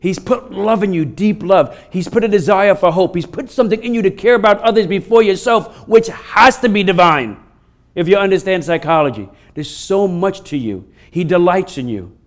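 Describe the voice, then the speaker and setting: Animated pastor preaching, man. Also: high-pitched, normal speed. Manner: storytelling, animated and laughing during funny stories. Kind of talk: sermon. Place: church sanctuary.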